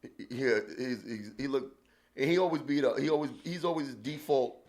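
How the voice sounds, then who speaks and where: A man co-hosting a comedy podcast, joking loudly in casual banter. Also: mid-range voice, normal speed. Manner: loud, joking, says "son" a lot. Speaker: podcast co-host.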